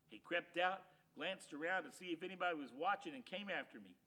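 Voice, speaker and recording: Bright, expressive male storybook reader. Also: on the high side, a little fast, few pauses. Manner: expressive, dramatic, animated. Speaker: narrator. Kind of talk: storybook reading, first-person as a dog.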